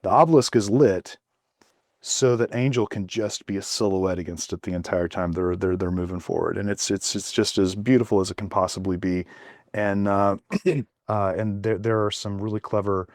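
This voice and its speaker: Low-voiced man chatting with many fillers. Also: fairly even intonation, darkish tone, no room sound, clean studio sound. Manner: halting, many fillers and restarts. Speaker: podcast co-host. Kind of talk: casual chat.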